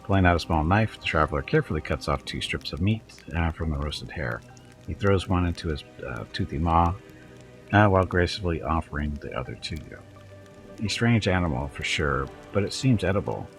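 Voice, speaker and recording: A man with a very low voice reads a role-playing game's narration aloud as host of a let's play. His reading is steady, broken here and there by fillers and small stumbles, over faint background music. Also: brisk, low-quality recording.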